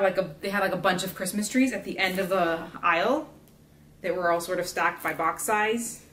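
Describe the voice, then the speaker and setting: A young woman vlogging from South Florida makes a gingerbread house while chatting in a rambling, filler-heavy way. She has a medium-pitched voice with a fairly bright tone; the room is echoey and a faint hiss sits in the background.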